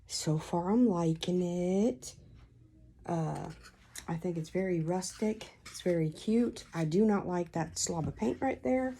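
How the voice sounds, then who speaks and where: A woman's voice: fairly low pitch, unhurried, dark tone. A woman giving a casual crafting tutorial at home, chatty and rambling as she tells stories while she works. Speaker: craft vlogger.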